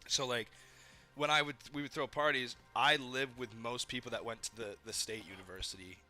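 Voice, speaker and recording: A man's voice: mid-range voice, fairly even intonation, moderate pace, pushed and bright. A young man from Maine, a podcast co-host, telling rambling party stories in casual chat, swearing a lot and acting out what people said. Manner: rambling storytelling, heavy swearing, acts out quotes.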